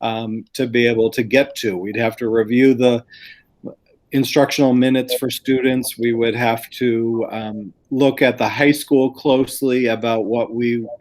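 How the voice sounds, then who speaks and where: A man's voice: mid-range voice, fairly even intonation, a little slow, darkish tone. Earnest man explaining school plans. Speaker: school district administrator. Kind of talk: planning group discussion.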